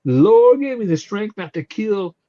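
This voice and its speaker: An indignant hotel desk clerk woman scolds loudly and theatrically, put on by a man in a raised voice. She sounds sassy and fed up. The sound is slightly muffled and lo-fi. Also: high-pitched, animated, measured pace, voice pushed up.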